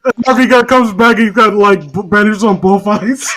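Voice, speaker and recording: A man's voice: sits high, moderate pace, pushed and bright. A man co-hosting a podcast, rambling and swearing through casual comedic chat. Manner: rambling, swearing, laughing often. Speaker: podcast co-host.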